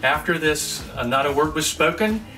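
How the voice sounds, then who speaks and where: A man telling an embarrassing personal anecdote in a measured, sheepish way. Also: fairly high pitch, animated, bright, forceful tone. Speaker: storyteller. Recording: distant mic with music bed.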